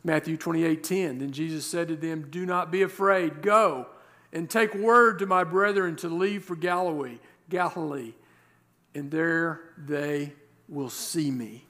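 A male pastor preaching a sermon, reading scripture verses and explaining them with rhetorical questions and slowed, stressed words. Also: on the high side, fairly bright tone. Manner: emphatic, slows down to stress key words.

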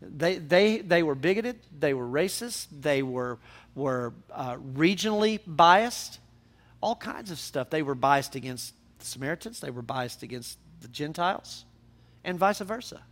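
A man's voice: on the high side, animated, unhurried, a bit bright. A man preaching a sermon as pastor, speaking conversationally and rising to emphatic peaks.

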